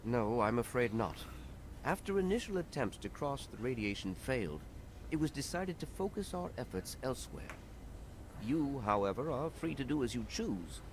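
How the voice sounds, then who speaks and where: A man playing a composed male game character who speaks formally and evenly, his pitch rising and falling in a lively way. The game audio carries a steady hiss of background noise underneath. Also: lightly acted. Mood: calm. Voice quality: formal, measured delivery. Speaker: non-player character.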